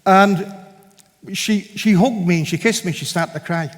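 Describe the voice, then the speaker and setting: A man with a fairly high voice tells a personal testimony at a church event. He is an animated storyteller who acts out each bit of dialogue. He is recorded in a hall with a long, ringing reverb. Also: a little slow. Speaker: guest speaker giving a testimony.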